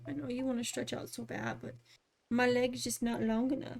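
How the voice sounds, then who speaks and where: A woman's voice: fairly high pitch, little pitch movement, normal speed, creaky, darkish tone. A young woman casually chatting while streaming a game, cooing baby talk at her cat and swearing now and then. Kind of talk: casual livestream chat. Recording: game music playing underneath.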